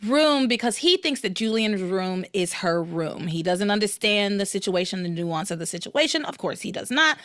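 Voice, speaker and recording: Lively animated woman podcast host. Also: medium pitch, normal speed, few pauses, no room sound, clean studio sound. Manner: animated storytelling, acts out quotes, laughs often. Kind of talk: casual recap chat.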